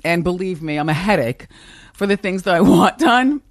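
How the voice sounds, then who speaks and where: Woman, middle-aged, strong confident voice, fairly low pitch, dry studio sound. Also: animated, moderate pace, dry recording. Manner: strong, confident voice, laughs often. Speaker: talk show host as guest. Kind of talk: casual interview chat. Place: podcast studio.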